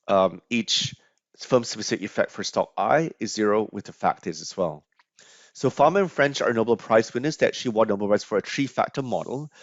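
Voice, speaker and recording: A man's voice: on the low side, no echo. A man lecturing on finance over slides, explaining step by step with frequent fillers and restarts. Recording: dry, slightly dull lo-fi audio.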